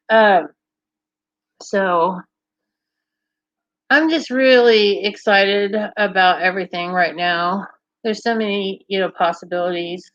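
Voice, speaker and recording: A woman's voice: mid-range voice, slow pace, pauses often, fairly bright tone, no room sound, highs cut off. A woman hosting a livestream, chatting casually and cheerfully with viewers and laughing often. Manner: bubbly, laughs often, chats with live comments. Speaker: livestream host.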